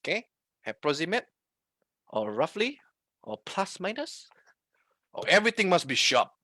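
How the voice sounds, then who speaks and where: A man's voice: medium pitch, fairly bright tone, dry recording. A man with a Malaysian English accent teaching a live online trading lesson, mixing in Malay and often checking in with his viewers. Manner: code-switching, asks the audience questions often. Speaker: trading instructor.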